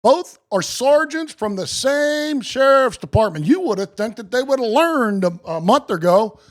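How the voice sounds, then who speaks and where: A man live-streaming, joking with viewers by name and reading case law aloud slowly and with emphasis. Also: extremely high pitch, very animated. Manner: slow, emphatic reading of legal text.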